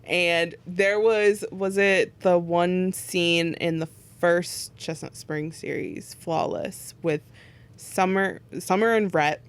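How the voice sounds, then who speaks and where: A young woman co-hosting a podcast in casual chat, relaxed and agreeable, retelling scenes with plenty of fillers. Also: fairly low pitch, slow, smooth. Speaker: podcast co-host.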